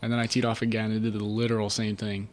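A man's voice: on the low side, flat delivery, fast, slight background noise. Laid-back self-mocking young guy. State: tired after work. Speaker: guest. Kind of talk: casual after-work chat.

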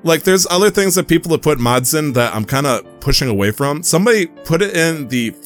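A man's voice: a little high, lively intonation, fairly quick, faint music behind. Young man rambling through a sweary story. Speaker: podcast host. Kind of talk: casual chat.

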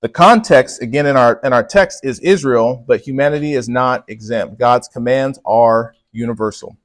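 A man's voice: medium pitch, moderate pace, no echo. A man preaching a sermon to a congregation, pressing hard on key words and asking the room to respond. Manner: emphatic, punches key words, talks with the congregation. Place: church with congregation.

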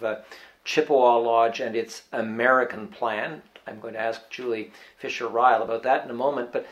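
A man from Canada who hosts a show, asking long, halting questions with frequent "uh" pauses. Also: medium pitch. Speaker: radio show host. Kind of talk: interview.

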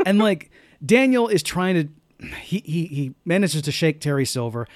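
A man co-hosting a podcast, chatting about a film in a relaxed, wry way with many fillers. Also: fairly high pitch, moderate pace, dry recording, studio quality. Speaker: podcast co-host. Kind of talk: casual chat reviewing a film.

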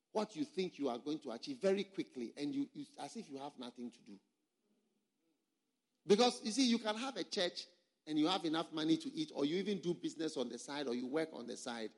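High, lively-voiced preacher man. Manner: emphatic, repeats words and phrases for stress; questions the audience directly. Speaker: pastor. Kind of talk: sermon to a pastors' conference.

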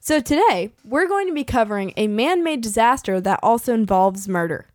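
A woman's voice: on the high side, lively intonation, moderate pace, no room sound, clean studio sound. A woman in her twenties from California, hosting a podcast in a casual, chatty way with lots of fillers and laughs. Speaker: podcast host.

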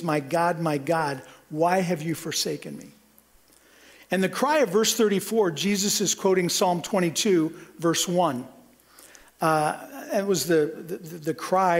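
A middle-aged man from Kansas preaching a sermon, earnest, with frequent restarts and a voice that rises for emphasis. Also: sits high. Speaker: pastor.

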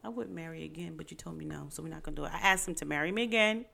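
Playful low-voiced woman co-host. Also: racing, vocal fry, bright, forceful tone. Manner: playful, teasing, talkative. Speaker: podcast co-host. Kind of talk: casual chat.

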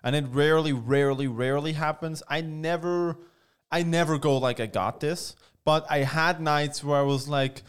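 A man from Switzerland, a guest comedian in a casual podcast chat, talking in an animated, profane way and acting out quoted voices. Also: a little high, normal speed, clear, resonant tone.

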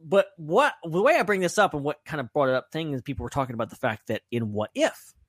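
A man co-hosting a podcast in casual chat, talking in an excitable, rambling way. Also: fairly high pitch, quick pace, breathy edge, no room sound, clean studio sound. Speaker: podcast co-host.

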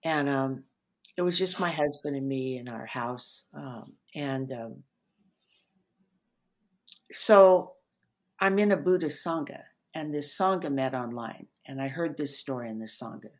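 An older woman, an author and therapist, talking gently and unhurriedly in an interview, her sentences trailing off softly. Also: a bass voice. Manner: gentle, unhurried storyteller with soft trailing endings. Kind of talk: reflective interview talk.

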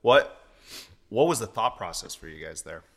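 A man hosting a podcast, asking questions in a relaxed, chatty way. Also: on the low side, normal speed. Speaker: podcast host. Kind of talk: casual podcast interview.

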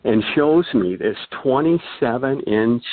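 An older man speaks a little slowly and animatedly in a mid-range voice, telling a long, casual anecdote as a guest storyteller. He rambles, with many fillers and restarts. The recording is dry and thin like a phone line.

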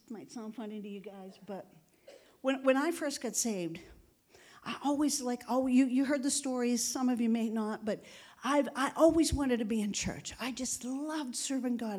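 A woman's voice: on the high side, darkish tone. A woman pastor preaching a sermon, emphatic, calling out for amens and dropping to a whisper when quoting. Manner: emphatic preaching with frequent call-outs for amen.

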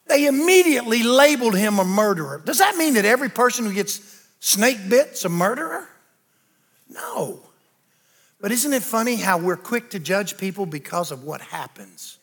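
High-voiced animated older preacher man. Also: breathy edge. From American South. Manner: animated preaching with call-and-response. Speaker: pastor. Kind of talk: sermon.

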